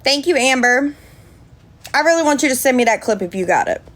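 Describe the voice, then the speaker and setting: A woman's voice: sits high, animated, a little fast. A woman chatting on a livestream, indignant, thanking viewers by name. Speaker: livestream host. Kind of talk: casual livestream chat.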